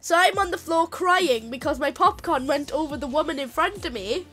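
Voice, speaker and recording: A high-pitched woman tells a story in a giggly, casual way, laughing between lines. Faint game music plays underneath. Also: lively intonation, normal speed, fairly bright tone. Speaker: storyteller and channel host. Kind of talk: casual storytelling over gameplay.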